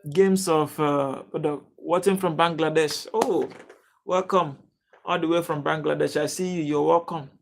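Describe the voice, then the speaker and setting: Nigerian male stream host, casual and talkative, fairly high voice, keeps welcoming chat. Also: steady tone, measured pace, gravelly. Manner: chatty, greets viewers by name, reads chat aloud. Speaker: livestream host.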